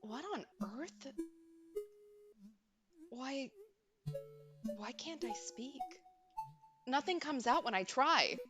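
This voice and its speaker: A confused young man who wakes in pitch black as a woman puts him on fires off startled, pleading questions. The voice climbs high and swoops through a lively range while soft music plays behind. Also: very slow, long pauses, full character voice. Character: bewildered young man waking in darkness. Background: game music.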